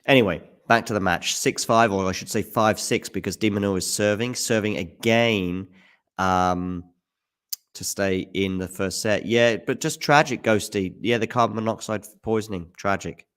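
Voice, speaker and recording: A man with a fairly low voice calls a tennis match live on a stream in a loose, casual way. He talks back to viewers from the chat between points and jumps up loud at the big shots. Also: moderate pace, clear, resonant tone. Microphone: handheld mic at times.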